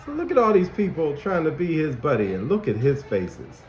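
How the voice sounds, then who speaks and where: Animated man talking to small children. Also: on the high side, moderate pace, slight background noise. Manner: animated, asks children many questions. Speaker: school counselor. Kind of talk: lesson for young children. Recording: dull, echoey room recording.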